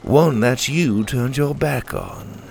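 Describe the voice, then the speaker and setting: A man's voice: medium pitch, slow, gravelly, slight background noise. A man doing a defiant young swordsman hero. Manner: steady, defiant, cool.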